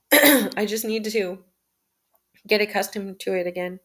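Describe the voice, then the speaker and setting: Sex: woman. Style: measured journal reading. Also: mid-range voice, a bit bright. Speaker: channel host reading a journal aloud. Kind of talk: first-person journal reading.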